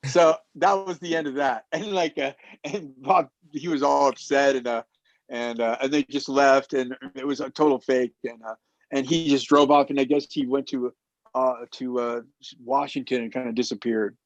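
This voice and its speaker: A man telling a long anecdote in casual talk, animated and acting out the quoted people as he goes. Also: mid-range voice, normal speed, no room sound. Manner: animated storyteller who acts out quotes. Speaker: roundtable guest. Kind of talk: casual storytelling. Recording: dull muffled dry sound.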